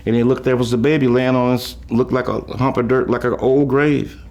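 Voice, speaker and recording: An older man tells stories from his past in a loose, rambling way, chuckling between thoughts and often starting a phrase over. His voice sits at an ordinary middle pitch, and it jumps up high whenever he mimics someone else. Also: little pitch movement, brisk, darkish tone. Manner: chuckling, folksy, trails off and restarts; raises his voice high when quoting others. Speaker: musician recalling his life. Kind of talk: rambling storytelling.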